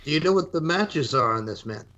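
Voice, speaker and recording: A man's voice: fairly high pitch, expressive, fairly quick, bright, forceful tone, muffled recording. A man co-hosting a casual podcast who asks eager questions and teases the others. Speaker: podcast co-host. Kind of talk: casual chat.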